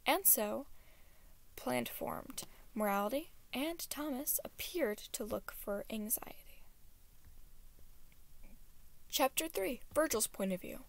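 Slow gravelly woman reading a story. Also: a little high. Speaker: fan-fiction reader. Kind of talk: audiobook-style story reading.

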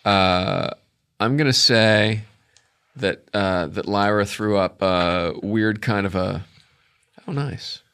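A man's voice: on the low side, slow, fairly bright tone, clear, resonant tone. A man running a tabletop game as game master, narrating in a rambling way full of fillers.

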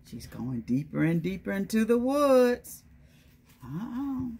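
A woman's voice: mid-range voice, very animated, slow pace, gravelly, mellow, slightly rough. A woman reading a picture book aloud to young children, stopping often to ask them questions and call on them by name. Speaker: children's storytime presenter.

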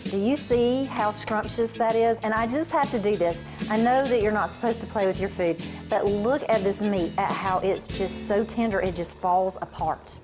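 A woman's voice: mid-range voice, moderate pace, hardly any pauses. A woman guest cook explaining a stew recipe step by step with enthusiasm. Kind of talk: cooking demonstration. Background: music.

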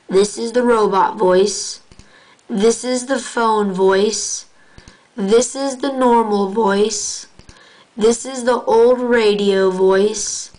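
A woman's voice: medium pitch, darkish tone, low-quality recording. A woman hosting a casual app tutorial, rambling and correcting herself as she talks to viewers. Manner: rambling, self-correcting, addresses viewers as guys. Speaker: channel host showing software.

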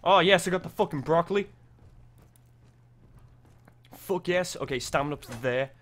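A young man, giving excitable, sweary gameplay commentary, yelping when startled. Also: fairly high pitch, moderate pace. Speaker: gaming video creator.

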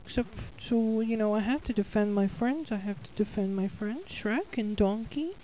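A woman voicing an easygoing male cartoon cat in a fan-made cartoon, talking in a rambling, halting way. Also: mid-range voice, dark tone, a little hiss or hum, natural voice, low-quality recording.

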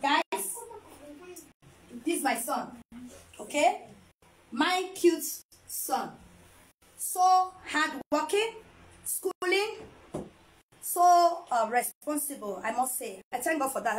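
A woman's voice: sits high, expressive, slow pace, pauses often, poor audio. A woman chatting casually to camera as a vlogger, playful and teasing, laughing often. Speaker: vlogger and mother.

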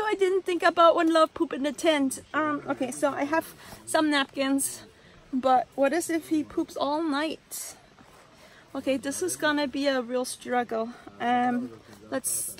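A woman's voice: high-pitched, creaky. A woman vlogging to camera from inside a tent in a forest, talking dramatically with lots of exclamations. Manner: exclaiming, dramatic, keeps saying oh my gosh. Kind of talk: casual vlog to camera.

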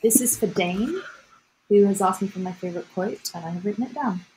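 A woman's voice: medium pitch, a little fast, background noise. A young woman from Bulgaria with an Australian-sounding accent, chatting playfully and swearing casually while signing autographs on a livestream. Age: young adult.

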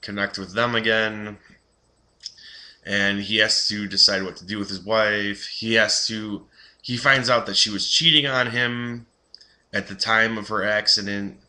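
A man's voice: lowish voice, fairly even intonation, measured pace, pushed and bright. Rambling young man reviewing a film. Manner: rambling, many fillers and restarts. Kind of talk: casual spoken film review.

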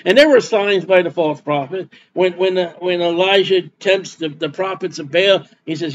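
A pastor preaches in a folksy, plainspoken manner, repeating his words as he reads scripture and explains it. His voice is fairly high for a man, his pace moderate with few pauses, and the slightly dull recording carries a faint hiss.

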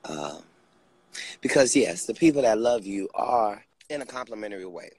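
This male comedian delivers a comic rant, swinging from loud bursts to low asides and making repeated, preacher-like appeals. His voice is expressive and slightly rough, at a moderate pace.

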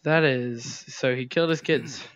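A man's voice: mid-range voice, normal speed, a bit bright, clean tone, no room sound, muffled recording. A man playing a zombie video game, narrating his moves and panicking aloud at the game. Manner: panicky, exclaiming, talks to the game. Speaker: gamer. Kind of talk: let's play commentary.

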